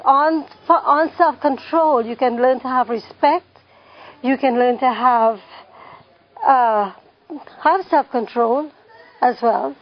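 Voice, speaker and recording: A woman's voice: high voice, lo-fi sound. A woman leading a parenting class, putting questions to the room and repeating the key phrases for emphasis. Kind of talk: classroom teaching with questions to the audience.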